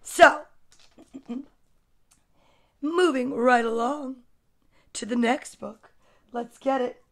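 A woman's voice: fairly high pitch, fairly even intonation, very slow, long pauses. A woman hosting a casual storytime livestream, chatty and gushing, greeting viewers by name between books. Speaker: storytime host. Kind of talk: casual livestream book reading.

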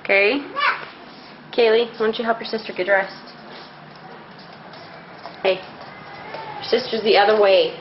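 A woman's voice: mid-range voice, fairly even intonation, measured pace, long pauses. A woman filming her family at home, chatting casually, cooing to a baby and scolding her kids. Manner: chatty and plain-spoken, coos to a baby and scolds children. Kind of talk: casual home video chat. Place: indoors at home. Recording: dull lo-fi home video with background hiss.

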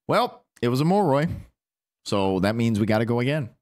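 A man giving casual, animated commentary while playing a ghost-hunting game and talking to his teammates. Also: medium pitch, normal speed. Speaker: gaming streamer.

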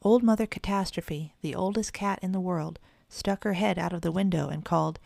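A woman reads a children's bedtime story aloud in an even, measured way. Her voice is low and gravelly. The recording is close and completely dry. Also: no room sound. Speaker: narrator.

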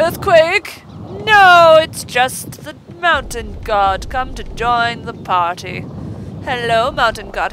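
A woman's voice: a little high, bright, forceful tone, poor audio. A woman hosting a let's play, giving bubbly, chatty commentary and talking to the game as she plays. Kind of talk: casual gameplay commentary.

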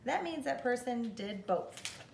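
A woman teacher reads a picture book aloud to young children at an unhurried pace. Her voice sits a little high and rises and falls lively as she tells the story. The room is echoey, with faint ambience behind her. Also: gravelly, far from the mic, slight background noise. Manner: slow, expressive storytelling for kids.

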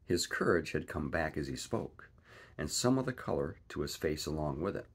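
A man reading a classic adventure novel aloud in a lively, expressive way. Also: very deep voice, moderate pace, slightly rough. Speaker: reader. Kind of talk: storybook read-aloud narration.

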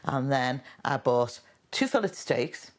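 A woman's voice: rumbling low, takes it slowly. A woman in her fifties telling a family story in a documentary interview, acting out the quotes. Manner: animated anecdote-telling with acted quotes. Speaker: interviewee, mother of an expectant twin mum.

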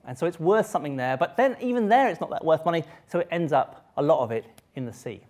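A man giving a live science lecture to an audience, lively and joking, often breaking off and restarting his sentences. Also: fairly high pitch, quick pace. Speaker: public lecturer. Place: lecture hall.

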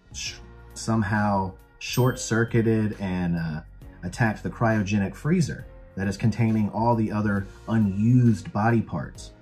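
Lower-voiced man recapping a movie. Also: darkish tone. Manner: laughing, incredulous retelling. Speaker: movie reviewer.

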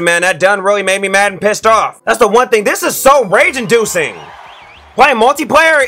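Excitable high-voiced man gaming. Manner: excitable, slangy, talks to viewers. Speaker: YouTube gamer. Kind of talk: let's-play commentary.

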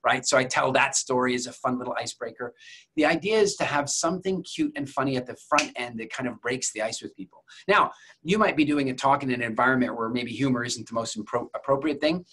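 A man's voice: medium pitch, fast, fairly bright tone, a little hiss or hum. A man coaching viewers on public speaking in a conversational masterclass, telling stories as examples and speaking straight to his audience. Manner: addresses viewers directly. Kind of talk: masterclass lecture.

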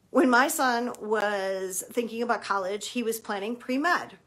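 A woman's voice: a little high, fairly bright tone. A middle-aged woman, a college admissions consultant, giving emphatic advice to parents and acting out bits of quoted dialogue.

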